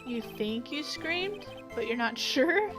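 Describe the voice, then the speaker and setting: A woman's voice: sits high, lively intonation, slow. A woman voicing a young male defense lawyer who questions a witness pointedly, reading a game aloud. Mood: probing. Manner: questioning, probing. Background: game music.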